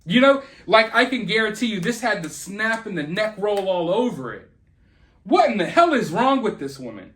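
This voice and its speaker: A man with a notably high voice rants through celebrity gossip commentary. He sounds indignant and sarcastic, piling on jabs as he goes. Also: big pitch swings, normal speed, fairly bright tone. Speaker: channel host.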